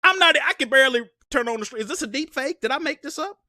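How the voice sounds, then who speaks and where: A man's voice: very high-pitched, fast, no echo, clean studio sound. A young man, streaming and ranting profanely about a game console event. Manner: profane, animated, exasperated ranting. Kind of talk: ranting live stream commentary.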